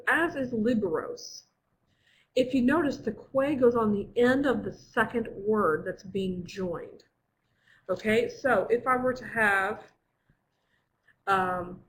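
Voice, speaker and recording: A woman's voice: fairly high pitch, slight background noise, low-quality recording. A woman teacher explaining Latin grammar in a live online class, patient and careful, with frequent filler words.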